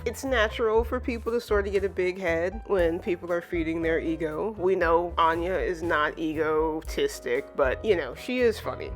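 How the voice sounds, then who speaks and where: A woman hosting her own channel, chatting casually through a chapter review and filling her talk with "like" and "you know". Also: lowish voice. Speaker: manga reviewer, channel host.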